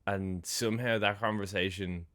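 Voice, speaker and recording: Deep-voiced sarcastic man. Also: fairly even intonation, a bit bright. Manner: sarcastic, acts out characters' lines in quick voices, laughs often. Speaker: film podcast co-host. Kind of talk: casual film review chat.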